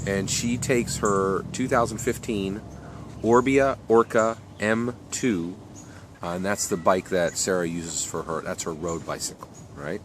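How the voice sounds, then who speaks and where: A man with a very low voice narrates a story off the cuff, stopping and restarting often and filling gaps with ums and you-knows. A faint hiss of noise sits under the recording. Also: measured pace. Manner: rambling, many fillers and restarts. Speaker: author telling his story.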